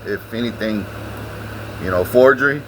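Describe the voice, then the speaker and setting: A man's voice: fairly low pitch, normal speed, a bit bright, a little hiss or hum, rough recording. A man, ranting casually to his vlog audience, swearing often and repeating himself. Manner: profane, rambling, repeats himself. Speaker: vlogger.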